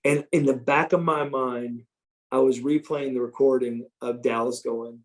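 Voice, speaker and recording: A middle-aged man as an interview guest, telling stories in a casual, animated, profane way with frequent restarts. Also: medium pitch, unhurried. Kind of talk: casual storytelling.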